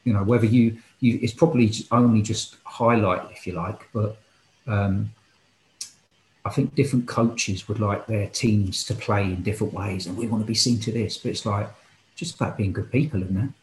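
Man, football coach, earnest, impassioned, thinking aloud, somewhat deep voice, echoey room. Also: steady tone, normal speed, a little mellow, a little hiss or hum. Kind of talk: casual podcast interview. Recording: roomy echo.

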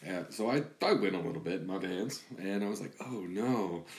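A man's voice: low voice, animated, fast. A man chatting casually as a podcast co-host, rambling with restarts as he tells jokey family stories. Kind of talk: casual chat. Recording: echoey room.

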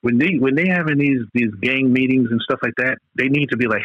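A man's voice: medium pitch, fairly quick, few pauses, no echo, highs cut off. A man in casual podcast chat, talking loosely and profanely, rambling between points with lots of restarts.

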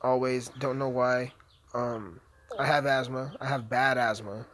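Foul-mouthed rambling podcast host. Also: male voice, medium pitch, fairly even intonation, a little slow, fairly bright tone, a little hiss or hum. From United States. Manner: crude, rambling, joking, swears constantly. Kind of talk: profane casual podcast chat while gaming.

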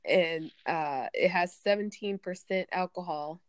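A woman's voice: lowish voice, unhurried, no room sound. A woman in casual conversation, rambling and chatty and laughing often. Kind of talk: casual chat.

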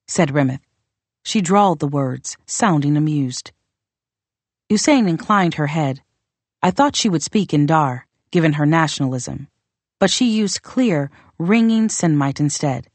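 A woman reads a fantasy novel aloud in a low, steady voice. The recording is close and dry, with no room sound. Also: unhurried, no room sound. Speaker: audiobook narrator. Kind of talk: first-person fantasy novel narration.

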